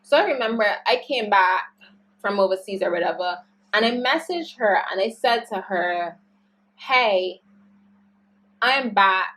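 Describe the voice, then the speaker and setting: A young woman telling a storytime vlog story, animated and slangy as she vents. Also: mid-range voice, normal speed. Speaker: YouTuber.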